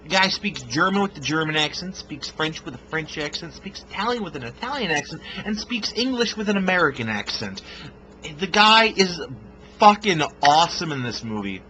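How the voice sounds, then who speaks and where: A man reviews a film in a casual, rambling way, swearing freely and stumbling over fillers. His voice sits a little high and sounds bright and forward. A faint hiss of background noise runs under the recording. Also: very animated, moderate pace, rough recording. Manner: blunt, profane, rambling with fillers.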